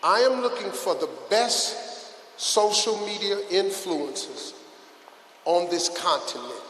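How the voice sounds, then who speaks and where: An older man delivers a comedic motivational speech to a crowd, his voice high and bright. He acts out quotes and swings between shouts and hushed asides. The sound is roomy, with a long hall reverb. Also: slight background noise. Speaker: guest speaker at a youth event. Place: large hall with a live audience.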